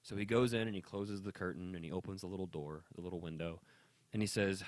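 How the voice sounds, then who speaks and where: A man's voice: sits low, fast talker, no echo. A man co-hosting a casual podcast, telling a long rambling joke and acting out the characters' lines. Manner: rambling storyteller with restarts and quoted voices. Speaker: podcast co-host.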